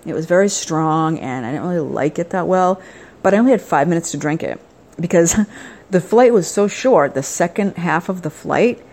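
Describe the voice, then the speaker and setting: On a rough recording, an older woman hosting a podcast speaks in a fairly low, animated voice with a darkish tone and moderate pace. She wryly rambles about her trip in a casual travel-vlog style, first outdoors and then inside.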